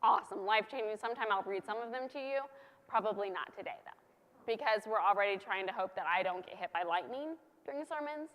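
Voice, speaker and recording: A woman's voice: mid-range voice, animated, fairly quick, a bit bright. A woman preaching a sermon in a conversational, playful way, hammering key points through repetition. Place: church. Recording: long church reverb.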